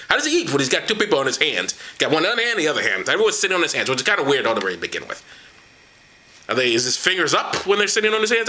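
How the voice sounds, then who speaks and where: A man's voice: medium pitch, sing-song, racing, sharp tone. A man reading the Bible aloud as comedy, with profane, mocking commentary and put-on voices for the quoted lines, gesturing as he goes. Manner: gesturing while reading, knocks things over.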